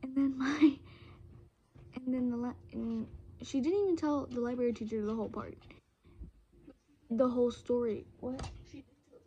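A woman's voice: fairly high pitch, moderate pace, pauses often, warm tone, lo-fi sound, slight background noise. A teenage girl, rambling through a casual storytime vlog with lots of fillers and restarts, close to a phone camera.

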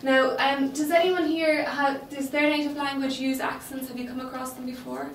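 Patient woman teacher with a high voice, recorded from the back of an echoey classroom. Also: level tone, moderate pace, a little hiss or hum. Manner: patient, checks understanding with frequent okay. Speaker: Spanish teacher. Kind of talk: classroom lesson. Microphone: distant room microphone. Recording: echoey classroom, mic far off.

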